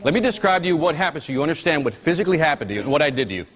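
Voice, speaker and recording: A man presenting a live business seminar to an audience, energetic, constantly quizzing the room with questions. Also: fairly high pitch, rapid-fire.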